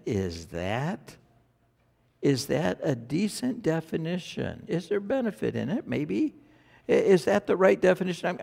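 Lively, gravelly-voiced male preacher. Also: a little high. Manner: animated storytelling with frequent stammered restarts. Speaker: pastor. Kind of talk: sermon.

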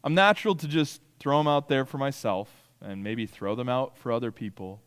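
A man preaching a sermon, animated, acting out quoted complaints and asking the congregation "right?" as he goes. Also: medium pitch, moderate pace, clear, resonant tone, long reverb tail. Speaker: pastor.

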